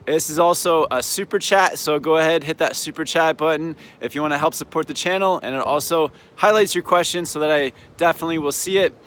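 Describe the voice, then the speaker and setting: A slightly hoarse man hosting a casual live-stream Q&A outdoors, laid-back and upbeat, with lots of "um" and "yeah". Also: on the high side, brisk, few pauses, fairly bright tone. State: slightly hoarse, losing his voice. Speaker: snowboard coach and channel host. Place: outdoors in a mountain town. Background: faint traffic and plane noise.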